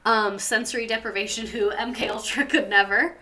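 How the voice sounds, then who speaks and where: A woman's voice: fairly high pitch, fairly even intonation, fairly quick, sharp tone. A young woman hosting a casual livestream, chatty and rambling as she reads viewer stories and talks back to the chat. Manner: chatty, rambling, lots of "like" and laughs.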